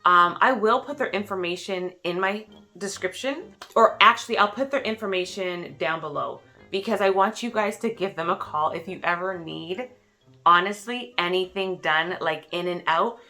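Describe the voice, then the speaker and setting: A woman in her thirties telling a story to her followers, animated and acting out the quotes with big jumps in pitch. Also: normal speed, faint music behind. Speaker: vlogger. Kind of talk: casual storytelling.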